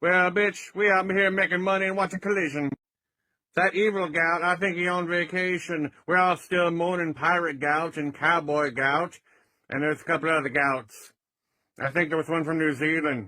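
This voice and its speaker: A man's voice: on the high side, pushed and bright, dry recording. A man voicing a brash, flirtatious drag queen alter ego in a comedy sketch, drawling and sassy.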